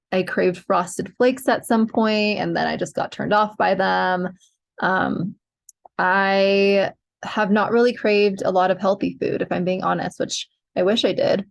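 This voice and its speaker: Young woman, host, casual chatty delivery with gravelly fry, frequent fillers. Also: medium pitch. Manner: chatty, many fillers, giggly. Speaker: podcast host sharing pregnancy updates. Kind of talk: casual chat to viewers.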